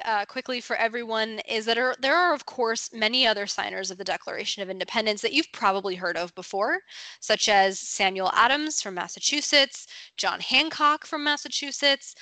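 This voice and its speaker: A woman's voice: a little high, bright, forceful tone, no room sound. A young adult woman co-hosting a casual podcast, explaining facts in a friendly, informative way and laughing easily. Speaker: podcast co-host.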